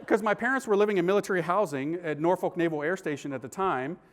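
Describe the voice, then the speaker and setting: A priest telling his conversion story to an audience in an animated, slangy, comic way. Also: sits high, quick pace. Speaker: priest and speaker.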